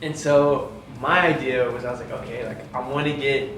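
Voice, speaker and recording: Young american dude telling a story, lots of "like", mid voice, roomy sound. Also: male voice, mid-range voice, steady tone, moderate pace, a bit bright, recorded from a distance. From United States. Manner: rambling, fillers like "like", quotes himself. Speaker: vlogger telling how the couple met. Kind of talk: casual storytelling chat. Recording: roomy, from off mic, faint hum.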